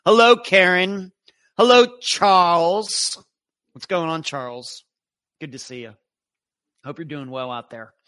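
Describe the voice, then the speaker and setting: A man's voice: a little high, expressive, normal speed, pauses often, sharp tone, no room sound. A man hosting a live true crime show, chatting casually and greeting viewers one by one. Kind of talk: casual livestream chat.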